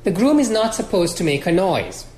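A man's voice: sits high, very animated, moderate pace, darkish tone, roomy sound, slight background noise, pitched above the performer's own voice. A man reading aloud and voicing an indignant, insistent young boy. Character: young boy who always plays the bride.

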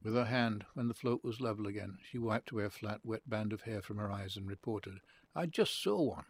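Husky-voiced man reading a story. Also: fairly low pitch. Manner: calm, measured narration. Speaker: narrator. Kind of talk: literary reading.

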